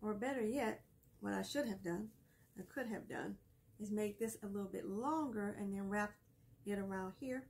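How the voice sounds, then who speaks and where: A woman's voice: medium pitch, normal speed, vocal fry, darkish tone. A woman hosting a casual craft tutorial, chatty and laughing often as she explains each step while she works. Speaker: craft video host.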